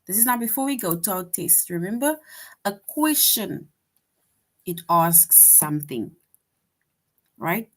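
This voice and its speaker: A woman with a slightly low voice teaches a lesson for young children. She is patient and slow, drawing out the example sentences she reads aloud. She keeps checking in with "right?". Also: animated. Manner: checks in often with rhetorical "right?".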